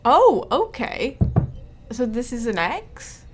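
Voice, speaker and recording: A woman co-playing on a live game stream, her voice higher and soft. She speaks hesitantly, trailing off and laughing often as she decides what to do. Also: sing-song, takes it slowly, a little hiss or hum. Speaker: co-player. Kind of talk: live game-play chat.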